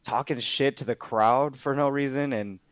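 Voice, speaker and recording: Speaking at medium pitch and normal speed with a clean tone, a young MMA fighter and streamer tells stories as a guest in a casual interview. He's laid-back, swears freely, and uses plenty of fillers. The recording is dull, lo-fi and dry, with no room sound.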